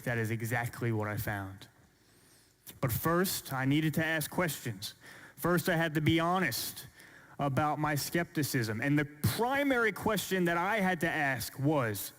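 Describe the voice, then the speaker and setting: A man giving an earnest, measured apologetics talk to an audience, asking rhetorical questions, recorded in a large church hall. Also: mid-range voice. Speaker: speaker. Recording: long hall reverb.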